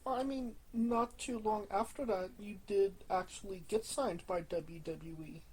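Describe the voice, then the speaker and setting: Slow, husky woman asking interview questions. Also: medium pitch, a little mellow, poor audio. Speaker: interview host.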